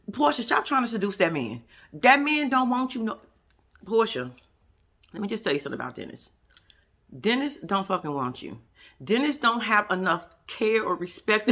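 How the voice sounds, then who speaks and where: A woman's voice: medium pitch, fairly bright tone. A woman casually recapping a reality show, blunt and profane, laughing often and mimicking the people she talks about.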